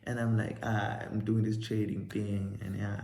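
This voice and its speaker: Young South African man, creaky voice, animated casual storyteller acting out the dialogue, roomy echo. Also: lowish voice, normal speed. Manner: animated storytelling, acting out both sides of a conversation. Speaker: vlogger.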